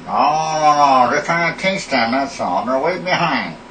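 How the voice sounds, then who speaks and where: A man's voice: mid-range voice, lively intonation, unhurried, pushed and bright. A man playing a defensive, stammering teacher who swears back in an improvised comedy sketch. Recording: echoey, distant, noisy amateur recording.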